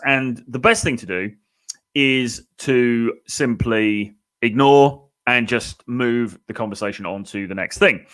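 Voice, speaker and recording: A man coaching on dating in a relaxed, chatty way, full of "you know" and "okay?" asides. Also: medium pitch. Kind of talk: casual advice talk to camera.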